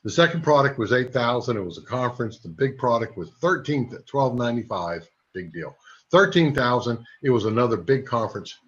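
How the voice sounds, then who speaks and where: A man in his sixties giving a sales training talk, a lively storyteller who throws quick asides to his audience. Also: mid-range voice. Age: 60s. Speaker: network marketing trainer. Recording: dull lo-fi recording.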